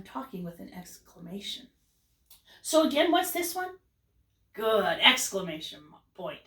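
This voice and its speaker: A woman teaching a kindergarten class, with an animated, exaggerated sing-song delivery. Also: mid-range voice, normal speed. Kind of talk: lesson for young children. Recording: roomy echo, voice from a distance.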